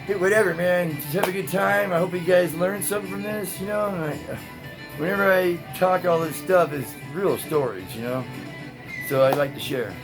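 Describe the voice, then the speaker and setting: A laid-back man talks straight to his viewers, stretching out his words and filling them with "man" and "you know." Music plays clearly behind his voice. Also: sits high, moderate pace, low-quality recording. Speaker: tie-dye video host. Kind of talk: casual storytelling to viewers.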